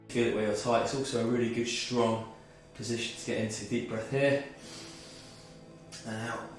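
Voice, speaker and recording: This instructor's voice is fairly low and flat, delivered at normal speed as he talks a group through a movement and mindfulness workout step by step, slightly winded. He's far from the mic, the room has heavy reverb, and quiet music plays underneath.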